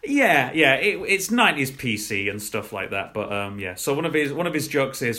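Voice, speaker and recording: A man's voice: mid-range voice, big pitch swings, normal speed, hardly any pauses, bright, forceful tone. A young man co-hosting a podcast, chatting casually and rambling about shows, laughing at his own jokes. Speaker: podcast co-host. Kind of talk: casual chat reviewing shows.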